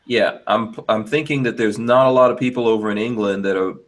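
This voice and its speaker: A man's voice: lowish voice, fairly quick. A man in casual podcast chat, asking curious follow-up questions.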